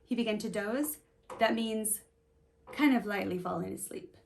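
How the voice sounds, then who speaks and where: A woman reading a children's picture book aloud in an animated, sing-song way, stopping to ask her young listeners questions. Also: medium pitch, moderate pace, vocal fry, slight background noise. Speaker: storybook reader.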